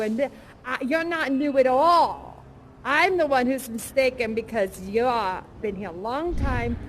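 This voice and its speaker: A woman's voice: high-pitched, a little hiss or hum. A young woman performing a bubbly bar worker character who chats and gushes with guests at a live immersive show. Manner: chatty, gushing, giggly, rambling. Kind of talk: improvised in-character audience interaction.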